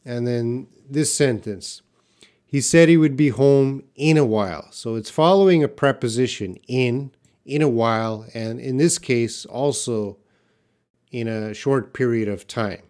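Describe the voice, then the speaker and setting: A man's voice: mid-range voice, a little slow, darkish tone. A man teaching English in a live question-and-answer class, reading out viewer comments and explaining them patiently with short example sentences.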